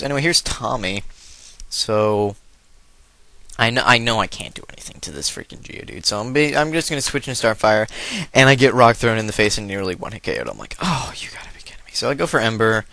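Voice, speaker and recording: A man's voice: mid-range voice, a bit bright, no echo. A young man giving casual, rambling, jokey commentary over a video game, now and then putting on silly voices. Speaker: let's play commentator.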